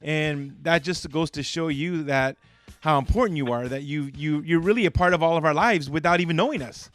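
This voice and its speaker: A man's voice: fairly high pitch, fairly quick, fairly bright tone, no echo, soft background music. A man hosting a radio interview, rambling and eager as he tells stories as a longtime fan. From Southern California. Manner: enthusiastic fan, rambling with many restarts. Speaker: radio DJ, host.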